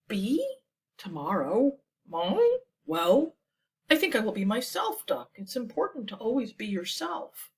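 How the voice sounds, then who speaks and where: A woman doing a jittery, high-voiced goose. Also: very animated, a little slow, breathy edge, far from the mic, heavily acted. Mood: thoughtful. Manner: worried, honking high voice. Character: nervous gentle male goose.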